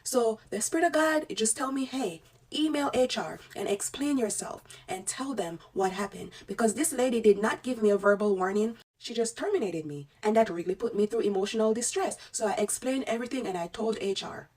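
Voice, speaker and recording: A woman's voice: a little high, lively intonation, brisk, a little mellow, slightly rough, distant mic. A woman telling a personal story in an emotional vlog, speaking with fervent, testifying conviction. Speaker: respiratory therapist sharing a story.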